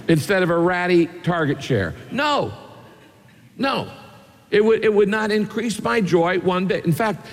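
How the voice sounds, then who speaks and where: A man's voice: a little high, in a large hall. A man preaching a sermon, telling homey stories and asking rhetorical questions. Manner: folksy storytelling with rhetorical questions. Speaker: pastor.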